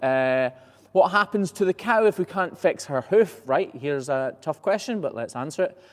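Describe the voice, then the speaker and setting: A man's voice: on the high side, expressive, normal speed, in a large hall. A man hosting a casual live Q&A as a professional hoof trimmer, reading viewer questions aloud and answering in a chatty, easygoing way with frequent "uh"s and restarts.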